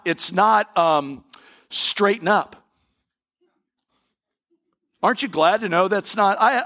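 A man's voice: high-pitched, a bit bright. A pastor preaching a sermon to a congregation in an earnest, conversational way, often restarting his sentences. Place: church service before a live congregation.

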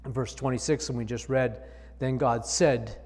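A man's voice: mid-range voice, fairly even intonation, moderate pace, a little mellow, in a large hall. A male pastor preaching a sermon, reading scripture aloud and explaining it with emphatic repetition.

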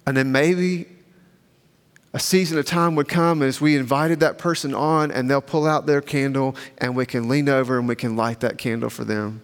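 A man preaching a sermon as pastor, measured and emphatic, slowing down for repeated refrains and leading a prayer. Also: medium pitch, steady tone, long reverb tail.

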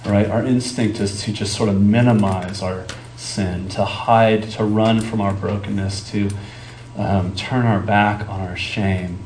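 In an echoey church sanctuary with faint ambience, a man preaches as a pastor. His fairly low, slightly mellow voice holds a steady tone at a measured pace, and he speaks conversationally, pausing on fillers as he searches for words.

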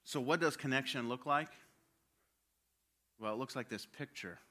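A man preaching with real passion, his voice bright and forceful. He pushes hard on his points, then drops to a near-hush. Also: medium pitch, normal speed. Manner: passionate, swings between loud urging and hushed quiet. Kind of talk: sermon.

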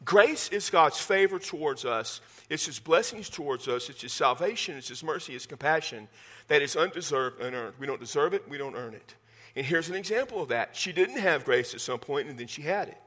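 A man in his fifties preaches a sermon in a folksy, joking manner, stumbling into repeated words as he restarts his thoughts. His voice sits a little high and rings bright and forceful. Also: expressive, a little fast. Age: 50s. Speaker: pastor.

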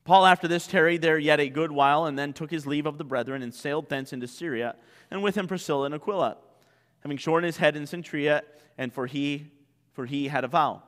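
Animated high-voiced male preacher. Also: a little fast, long reverb tail. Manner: animated preaching with rhetorical questions. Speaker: pastor. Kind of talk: sermon.

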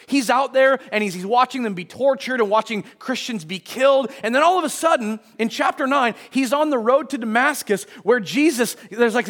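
A male pastor with an extremely high, somewhat bright voice gives a conversational sermon in a church. He reads passages aloud and briefly acts out short quotes, restarting many times.

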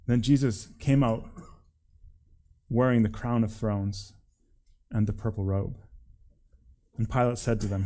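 A man, a preacher, reading scripture aloud in an expressive, deliberate way. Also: medium pitch.

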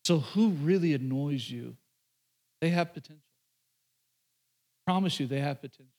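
Preaching to his congregation, a pastor with a fairly high, slightly mellow voice keeps a moderate pace and a conversational sermon style. He tosses in joking asides and often repeats phrases or restarts sentences mid-thought.

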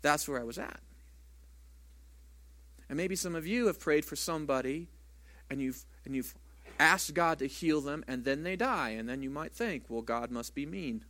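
Conversational pastor preaching, slightly high voice. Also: male voice, moderate pace, long pauses, pushed and bright. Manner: conversational preaching with rhetorical questions. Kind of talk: sermon.

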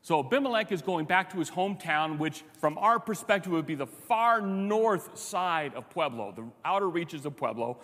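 A man preaching a sermon in a conversational, animated way, asking rhetorical questions. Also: on the high side, moderate pace, few pauses. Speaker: pastor. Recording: long hall reverb.

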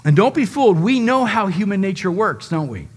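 Dramatic male preacher, slightly high voice. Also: very animated, brisk, breathy edge. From United States. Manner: dramatic, acting out quoted speech with shifting volume. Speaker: pastor. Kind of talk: sermon.

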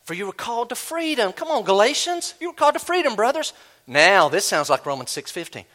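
A male pastor preaching a sermon, animated, acting out imagined voices as he teaches. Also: high voice, fairly quick.

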